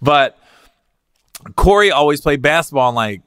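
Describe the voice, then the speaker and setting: Male comic host, lively and swinging in pitch, bright tone, dry close sound, profane. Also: moderate pace, clean tone, no echo. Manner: animated, profane, laughs at his own stories. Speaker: podcast host. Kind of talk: comedic podcast storytelling.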